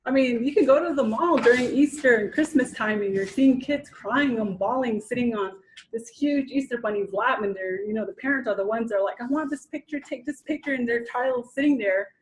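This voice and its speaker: A woman in her thirties leads a training session, with a fairly high voice. She talks casually to the audience, restarting her sentences and slipping into little acted quotes. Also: fairly quick, a little hiss or hum, low-quality recording. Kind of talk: informal lecture to an audience.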